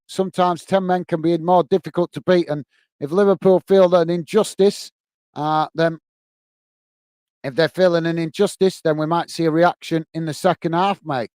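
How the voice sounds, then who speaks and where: A British man with a fairly high, smooth, clear voice runs live fan commentary on a football match. He talks straight to his viewers, calls everyone "mate", and speaks bluntly. The sound is dry and close, with no room around it. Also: darkish tone, no echo. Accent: British English. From England. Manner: calls "mate" often, blunt and chatty, gets openly irritated.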